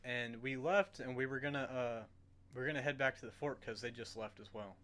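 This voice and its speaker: A man's voice: medium pitch, a little fast. A man hosting a podcast, telling a gaming story in casual chat and often laughing through it. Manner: animated, laughing through his own story. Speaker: podcast host.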